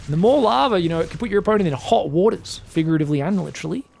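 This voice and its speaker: A man giving solo commentary on a strategy game match, excitable and chatty, bursting into shouted reactions and talking straight to his viewers. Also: sits high, very fast, vocal fry. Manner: chatty asides, addresses viewers as guys. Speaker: esports caster.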